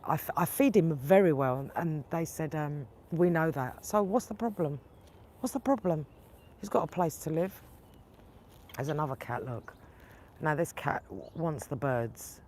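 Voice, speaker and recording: A woman's voice: low-pitched, measured pace, darkish tone, a little hiss or hum. Indignant woman retelling a quarrel. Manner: indignant, retells arguments with quoted dialogue. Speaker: tarot channel host. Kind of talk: casual vlog storytelling.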